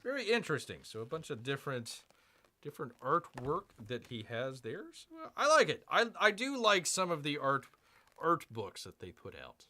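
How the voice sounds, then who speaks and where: A man's voice: on the high side, wildly swooping pitch, moderate pace, pushed and bright. A man hosting a casual live stream, rambling and self-mocking as he unboxes comics and reads chat, calling himself Bear.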